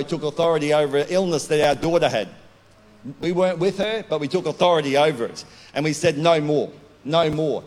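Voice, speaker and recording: Loud pastor in a reverberant hall. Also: male voice, on the high side. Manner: loud, declaring, swings from calm to shouting. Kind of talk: sermon.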